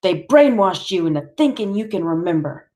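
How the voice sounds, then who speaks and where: A menacing father speaks in a quiet, cold, condescending way, his voice sitting low. A woman voices him in an audiobook reading. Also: very animated, normal speed. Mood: cold menace. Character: cold, menacing adult man, a killer father.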